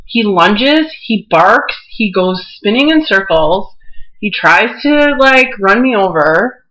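Bright-voiced anxious young woman. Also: mid-range voice, lively intonation, slow pace, rough recording. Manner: anxious, wry, self-deprecating. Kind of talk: casual chat.

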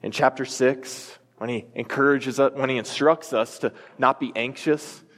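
An earnest, emphatic American pastor in his thirties preaches, drawing on a family story to make his point. His mid-range voice is steady and a bit bright at normal speed, recorded in a church sanctuary with long reverb.

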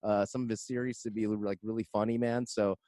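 A man's voice: lowish voice, little pitch movement, a little fast, mellow, no echo. Laid-back man hosting a podcast, dry sound. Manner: laid-back, says "man" and "basically" a lot. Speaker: podcast host. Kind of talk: casual chat. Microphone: video call.

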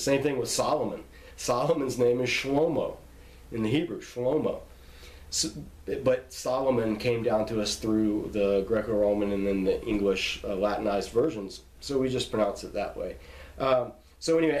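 A man's voice: medium pitch, a little mellow. Guy explaining how to say bible names, chatty, lots of um and you know, echoey room. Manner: explanatory, with many fillers and restarts. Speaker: Bible teacher. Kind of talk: casual spoken lesson on pronunciation. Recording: roomy echo.

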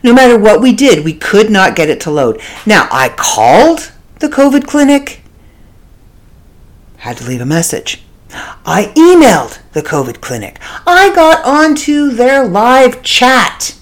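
A woman from Canada hosting a podcast from her home studio, telling a story in a casual, animated way and laughing often. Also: mid-range voice, unhurried. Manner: animated, laughs often, acts out quoted voices. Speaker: podcast host.

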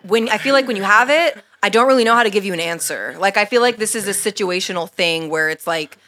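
Outspoken woman guest, bright punchy voice, casual podcast chat. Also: mid-range voice, fast talker. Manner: frank, opinionated, animated storytelling.

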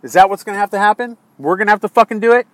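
An American man ranting angrily about politics, swearing constantly and swinging between low muttering and exasperated yelling. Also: expressive, racing, no echo. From United States. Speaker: political commentator. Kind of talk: angry political rant.

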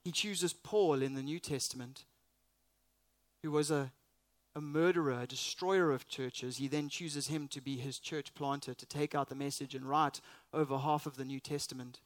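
A man's voice: mid-range voice, steady tone, moderate pace, no echo. A man preaching a sermon as pastor, earnest and emphatic, with rhetorical questions.

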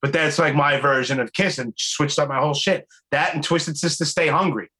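A man's voice: fairly high pitch, a little fast, pushed and bright, slightly rough. A man hosting a podcast in casual chat, slangy and swearing a lot, calling his guest "dude". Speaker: podcast host.

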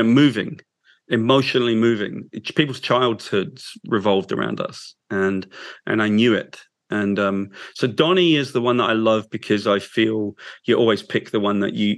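A man, a guest in an interview, telling an emotional story in a halting, heartfelt way. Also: fairly low pitch, steady tone, dry recording. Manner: halting, with restarts, soft and heartfelt.

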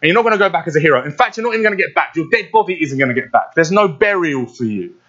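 A defiant young shepherd hurls taunts at a giant in a fairly high, emphatic voice, as a preacher acts him out. The scene is told as a spoken sermon story. The sound is dull and lo-fi. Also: male voice, expressive, rapid-fire, fairly bright tone.

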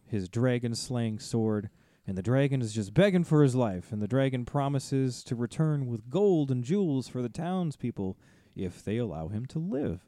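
Amused, mellow man co-hosting a podcast. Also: mid-range voice, lively intonation, moderate pace, few pauses, no room sound, clean studio sound. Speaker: podcast co-host. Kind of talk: casual chat.

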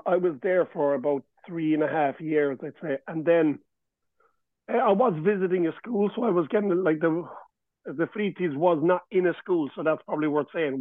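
A man's voice: a little high, no room sound. A man in his forties with a Cork Irish accent, a school principal reflecting loosely on his career as a podcast guest. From Ireland. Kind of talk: casual interview chat. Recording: tinny phone-like line.

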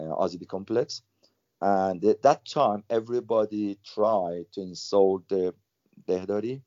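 An older man from Iran, a former footballer, tells stories as an interview guest in a low, dark voice. He speaks haltingly, repeating words, with non-native phrasing. The recording is dull and lo-fi, with no echo.

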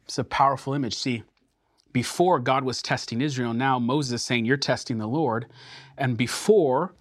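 A man teaching a sermon through scripture, earnest and emphatic, slowing down to stress key words. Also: mid-range voice, dry recording, clean studio sound.

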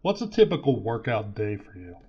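A man's voice: on the low side, very animated, fairly quick, husky, dull audio. A man hosting a casual interview, encouraging his guest and asking follow-up questions. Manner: encouraging, calls guest "dude". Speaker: host.

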